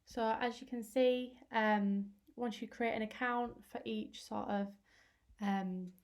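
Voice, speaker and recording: A young woman teacher talking through a screen-recorded tutorial in a chatty, explanatory way with fillers, her voice going hoarse. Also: a little high, fairly even intonation, slow pace. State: losing her voice.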